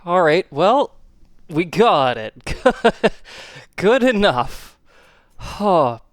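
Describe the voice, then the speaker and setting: Gaming commentator, unhurried delivery, panicky laughs, counts timings aloud. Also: mid-range voice, sing-song, no room sound. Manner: jittery, panicky reactions with nervous laughs. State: catching their breath. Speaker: gameplay commentator.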